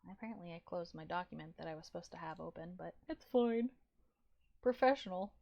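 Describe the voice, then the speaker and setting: A woman running a tabletop game as game master on a stream, laughing often and quick to apologise. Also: fairly low pitch, lively intonation, creaky, lo-fi sound.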